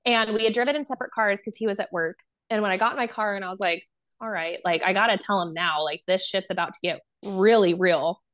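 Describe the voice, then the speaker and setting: A woman's voice: medium pitch, quick pace, fairly bright tone. Young woman telling her own story, super casual, lots of "like", acts out what people said. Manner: casual, filler-heavy, acts out quoted dialogue. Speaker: guest sharing her story. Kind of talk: candid personal storytelling.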